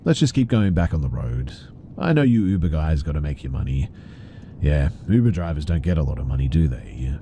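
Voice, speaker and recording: A man's voice: extremely low pitch, animated, fairly quick, warm tone, a little hiss or hum. A man voicing a creepy, cutesy woman passenger who talks with country drawl in a spoken horror story.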